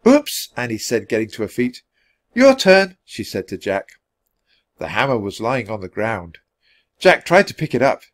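A man reading a children's chapter book aloud for English learners in a clear, expressive way. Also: fairly low pitch, moderate pace. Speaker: storybook reader.

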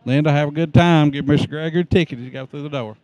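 Man, slightly high voice, folksy joking greeter, casual outdoor patter. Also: racing, darkish tone. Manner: folksy, joking, friendly instructions. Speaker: greeter at the prom entrance.

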